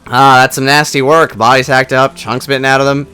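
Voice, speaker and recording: A man's voice: medium pitch, little pitch movement, fairly quick, bright, forceful tone, smooth, natural voice. A man doing a brawny Irish woman ex-ranger. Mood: chatty. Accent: attempted Irish. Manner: casual, chatty storytelling.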